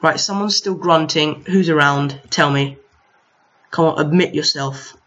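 A man's voice: a little high, measured pace, fairly bright tone. A young man casually commenting on his own gameplay, chatting to enemies on screen with mild exasperation. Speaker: gaming video host. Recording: lo-fi home mic.

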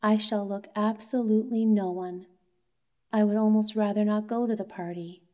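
A petulant young wife, read by a woman, sulky and self-pitying in a storybook tale. The tone stays dark and mellow throughout. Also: medium pitch, steady tone, normal speed, natural voice. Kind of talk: bedtime story reading.

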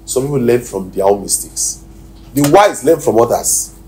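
A Nigerian-accented man preaching a sermon as pastor, swinging from loud shouted exhortations to quiet near-whispers. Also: mid-range voice, animated, normal speed. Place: church hall. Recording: echoey hall, distant mic, faint noise.

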